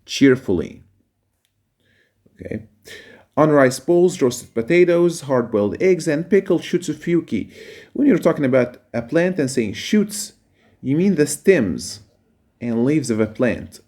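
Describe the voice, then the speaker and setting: A man teaching a reading lesson, reading a passage aloud and explaining its words with pauses and fillers. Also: on the high side, lively intonation, a little mellow.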